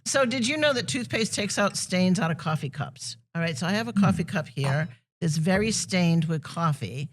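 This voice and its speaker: A woman from New England co-hosting a podcast, chatty and quick to laugh. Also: lowish voice, lively intonation, slight background noise. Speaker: podcast co-host. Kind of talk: casual podcast chat.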